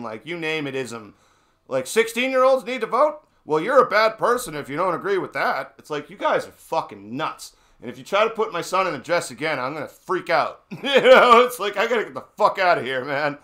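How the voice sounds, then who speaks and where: Bright-voiced ranting man, profane. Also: a little high. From New England. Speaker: stream co-host. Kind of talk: casual political chat.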